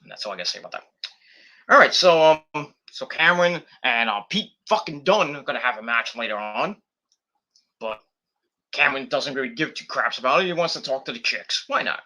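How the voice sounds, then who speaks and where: A man's voice: medium pitch, lively intonation, a little fast, sharp tone. A man casually reviewing wrestling on a live stream, rambling and swearing, with lots of fillers and restarts.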